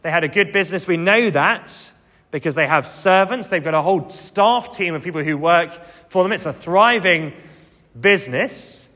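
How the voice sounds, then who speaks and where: A man's voice: high-pitched, expressive, normal speed, sharp tone, long reverb tail. A man preaching a sermon, earnest and emphatic, coming back to key phrases again and again.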